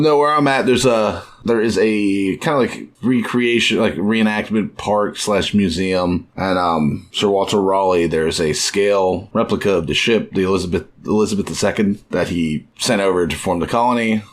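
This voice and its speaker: A man with a very low voice chats casually as a podcast co-host. He rambles in an easygoing way, trailing off and restarting, and slips into little acted quotes. Faint room ambience sits under him. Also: moderate pace, few pauses, slight background noise.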